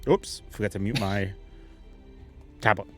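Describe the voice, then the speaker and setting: A man's voice: on the low side, measured pace, faint music behind. A man narrating a tabletop game as game master, laid-back and joking with the players.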